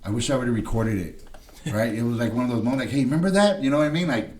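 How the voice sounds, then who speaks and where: A man's voice: mid-range voice, racing, darkish tone, reverberant, distant mic, a little hiss or hum. A man in recovery telling a personal story in a casual podcast chat, acting out what people said and often asking "you know what I mean".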